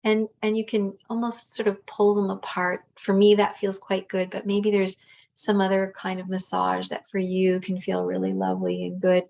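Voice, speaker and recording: A woman teaching a guided self-massage relaxation, speaking gently and unhurriedly with soft pauses and fillers. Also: mid-range voice, monotone, vocal fry, slight background noise.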